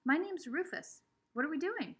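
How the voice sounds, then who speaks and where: A woman's voice: sits high, very animated, moderate pace, a bit bright, voice pushed up. A woman doing an eager, chatty country boy. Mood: friendly. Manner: drawling country talk, eager. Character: chatty friendly country boy, new kid.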